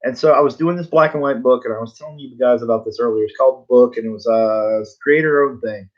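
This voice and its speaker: A man's voice: mid-range voice, fast, dull audio. Laid-back man telling a rambling story. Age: 40s. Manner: laid-back, tongue in cheek; rambling, full of fillers, laughs at himself. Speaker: comic book artist. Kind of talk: casual storytelling to viewers.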